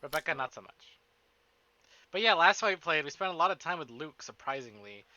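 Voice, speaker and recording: A man streaming a visual novel, chatting casually with his chat, excitable and swearing often. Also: on the high side, a little fast, lo-fi sound, a little hiss or hum. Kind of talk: casual live-stream chat and game reading.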